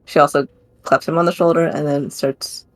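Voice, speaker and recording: A woman's voice: low voice, fairly even intonation, moderate pace. A woman narrating her character's actions in a tabletop game, rambling with laughing asides. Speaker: player. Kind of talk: tabletop role-play narration.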